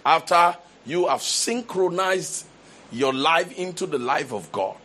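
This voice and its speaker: A man's voice: a little high, animated, takes it slowly, bright, forceful tone, slight background noise. A man preaching a sermon, building to emphatic repeated declarations and often restarting his phrases. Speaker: pastor.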